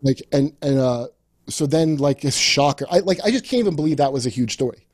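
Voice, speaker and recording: Sardonic, swearing podcast host. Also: male voice, medium pitch, animated, fairly quick, a little mellow, no echo, clean studio sound. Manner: profane, sardonic riffing. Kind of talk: casual podcast chat.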